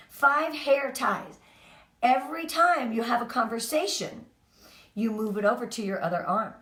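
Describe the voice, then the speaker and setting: A woman who leads a direct sales team gives an upbeat, chatty motivational training talk. Her voice is fairly high and fairly bright, and the recording sounds roomy, as if captured from a distance.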